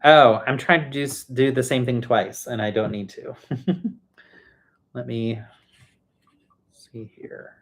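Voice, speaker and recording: A man hosting a casual livestream from home, chatting and thinking out loud as he builds and answers viewers. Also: mid-range voice, fairly even intonation, slow, long pauses. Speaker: livestream host building toy sets. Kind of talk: casual live chat while building.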